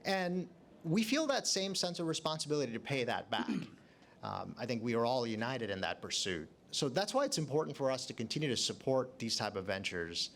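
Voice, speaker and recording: A middle-aged man answering a question on a panel, earnest and speaking up in a loud projecting voice. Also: mid-range voice, animated, fairly quick, slight background noise. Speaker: hospital leader on a panel. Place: event arena.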